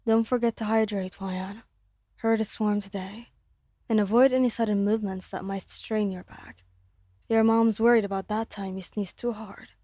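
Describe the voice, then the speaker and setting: A woman voicing an overcautious father's text message in a soft, hushed whispered role-play. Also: medium pitch, steady tone, normal speed, no echo, studio quality, lightly acted. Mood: fussing. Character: overcautious fussing father texting advice.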